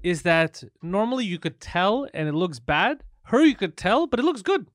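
A man's voice: high-pitched, big pitch swings, normal speed, no room sound, clean studio sound. A man from Honduras co-hosting a crude, joking casual chat, swearing and laughing often.

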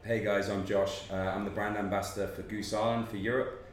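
A man's voice: on the low side, level tone, brisk. A man talking about beer as a brand guest on a podcast, explaining in detail with many fillers, recorded in a pub. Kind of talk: casual podcast chat. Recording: roomy pub with faint background noise.

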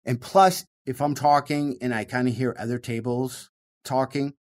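Fast-talking Michigan comedian. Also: male voice. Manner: fast, animated, demonstrates by swinging his voice high and low. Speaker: stand-up comedian, guest. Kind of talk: casual interview talk.

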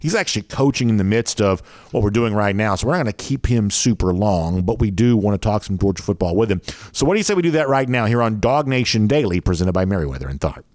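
A man's voice: fairly low pitch, very animated, fast talker, a little mellow. A man with a Southern American drawl hosting a sports talk show, chatting casually with many fillers.

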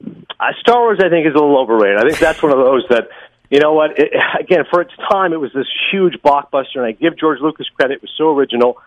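A man talking about films on a podcast, fast and enthusiastic, with lots of opinions. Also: fairly high pitch, lively intonation, dull audio. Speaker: podcast guest, film critic. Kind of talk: casual podcast chat.

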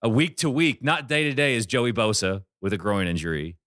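A man hosting a casual sports betting chat, talking fast in animated bursts. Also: mid-range voice, no echo, studio quality. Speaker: sports betting podcast host.

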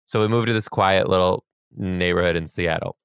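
A very deep-voiced man co-hosting a podcast, with gravelly fry under a smooth, resonant tone. He chats expressively and reacts with big, animated responses, recorded close in a dry space. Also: a little fast, no echo. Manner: expressive, reacts loudly, laughs often. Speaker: podcast co-host. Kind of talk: casual chat.

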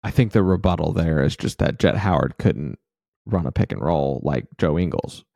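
A man's voice: rumbling low, expressive, moderate pace, creaky, warm tone, no echo, studio quality. A man co-hosting a casual sports podcast who breaks down the team with some frustration. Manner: frustrated, analytical. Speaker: podcast co-host.

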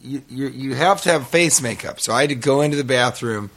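A man casually telling a long, rambling story in podcast chat, animated and laughing as he goes. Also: medium pitch, fairly quick, vocal fry.

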